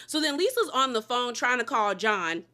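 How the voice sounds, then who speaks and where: A woman giving a casual, slangy, emphatic recap of a reality TV episode, quick to laugh. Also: fairly high pitch, very animated, pushed and bright. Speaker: TV show recap host.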